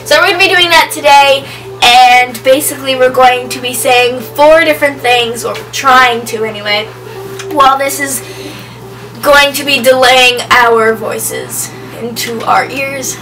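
A woman's voice: high-pitched, measured pace, a bit bright, recorded from a distance, faint music behind. A young woman, a YouTuber chatting casually and giggly. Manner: giggly, breaks into laughter. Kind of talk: casual chat.

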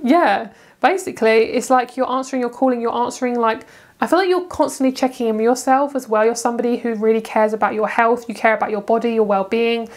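A young British woman doing a casual tarot card reading, gushing and excitable, often breaking into laughter. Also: a little high. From Britain. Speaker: tarot reader.

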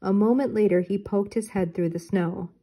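Older woman, children's book read-aloud, mellow soft tone, clear and even. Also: medium pitch, normal speed. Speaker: storybook reader.

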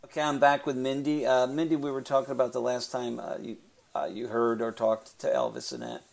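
A male interviewer talking in a relaxed, plain-spoken way. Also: mid-range voice, brisk, gravelly. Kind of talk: casual radio chat.

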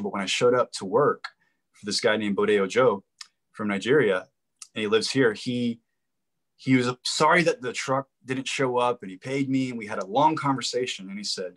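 A man who acts and does comedy, a guest in a casual interview, telling lively anecdotes. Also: fairly low pitch.

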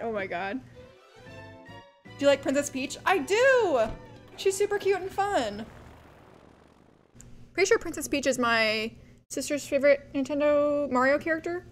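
A woman streaming a game, chatting casually with viewers, reading chat aloud and squealing with excited giggles. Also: high voice, a little slow, long pauses, faint music behind. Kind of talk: casual live-stream chat while gaming.

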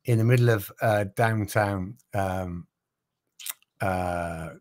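A British man, a racing driver and podcast guest, telling animated anecdotes with casual swearing. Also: fairly low pitch, takes it slowly. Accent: British English. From Britain. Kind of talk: storytelling in a podcast interview.

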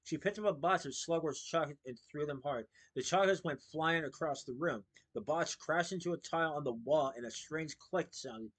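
Guy reading a kids book out loud, steady, slightly high voice, trips on a word now and then. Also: moderate pace, few pauses, breathy edge. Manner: steady reading with small slips and restarts. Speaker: storyteller reading aloud. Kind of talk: reading a children's book aloud.

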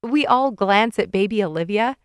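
A woman narrating a children's audiobook in the first person of a young boy, reading clearly and expressively. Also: medium pitch, animated, moderate pace, no room sound, studio quality.

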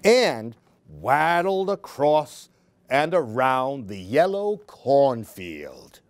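A woman reading picture books aloud to children in a slow, expressive, sing-song way. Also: very deep voice. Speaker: storyteller.

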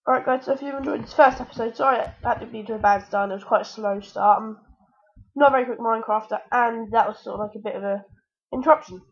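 An excitable woman narrates her game as she plays, chatting to the screen and yelping when things go wrong. Her voice sits fairly high, with a gravelly, creaky edge. The recording is dull and lo-fi. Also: fast. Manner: excitable, talks to the game, yelps when in danger. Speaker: gaming channel host. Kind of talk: let's-play gaming commentary.

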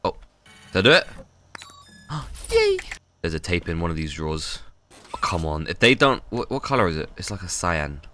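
A man streaming a game live, reacting loudly and excitably with lots of swearing. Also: low-pitched, fast talker, slight background noise. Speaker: gaming streamer. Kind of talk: casual live-stream gameplay commentary.

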